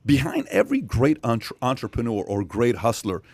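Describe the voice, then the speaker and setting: A man hosting a podcast, telling a long story with energy and emphasis, with sudden loud jumps in his voice. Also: medium pitch, big pitch swings, normal speed, gravelly, no echo. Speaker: podcast host. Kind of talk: animated storytelling in podcast chat.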